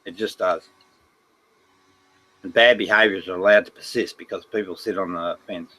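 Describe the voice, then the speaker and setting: A man's voice: sits low, steady tone, moderate pace, bright, forceful tone, poor audio. Aussie guy hosting a live stream chat, keeps laughing and cursing, very emphatic. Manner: laughs often, swears freely, emphatic. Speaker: livestream host. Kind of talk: casual livestream chat.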